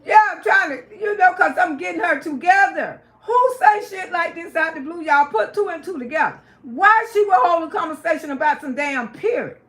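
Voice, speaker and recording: High voiced lady on a live stream ranting, cussing, real loud and emphatic. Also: lively intonation, moderate pace, hardly any pauses. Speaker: livestream host. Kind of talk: live-stream gossip commentary.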